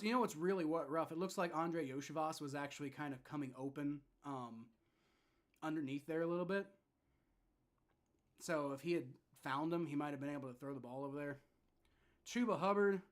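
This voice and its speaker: A young man hosting a live fan reaction stream with play-by-play, frustrated and swearing, dropping to low mutters and rising to shouts. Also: normal speed, long pauses. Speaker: livestream reaction host.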